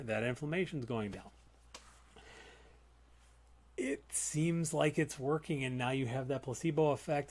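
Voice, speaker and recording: A man's voice: mid-range voice, darkish tone. Man explaining lung health, casual and plain. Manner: conversational, explanatory, with frequent restarts. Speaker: respiratory therapist and show host. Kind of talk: live educational talk.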